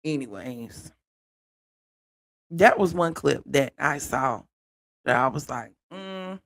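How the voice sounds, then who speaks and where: A man hosting a live stream, talking to viewers in a casual, animated way about reality TV clips. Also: medium pitch, slow, vocal fry. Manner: animated, laughing, talks to viewers as "y'all". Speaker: host reacting to reality TV clips.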